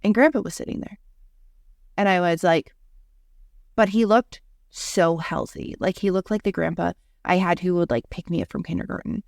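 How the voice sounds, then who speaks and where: A woman's voice: fairly low pitch, fairly even intonation, moderate pace, gravelly, a little mellow, dry recording, studio quality. A young adult woman, a podcast co-host, telling a story in casual chat and filling it with lots of "like". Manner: rambling, heavy use of "like" fillers.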